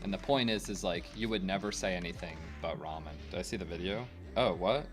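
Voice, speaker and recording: A young man from the United States talks casually to viewers while gaming, rambling, opinionated, and full of fillers. His voice sits low and he speaks fairly quickly, with faint game music behind.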